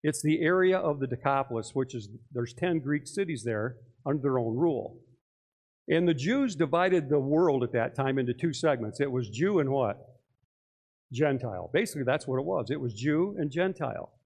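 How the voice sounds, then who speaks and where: An older man preaching a sermon, animated, acting out voices and putting questions to his congregation. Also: medium pitch, moderate pace. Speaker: pastor.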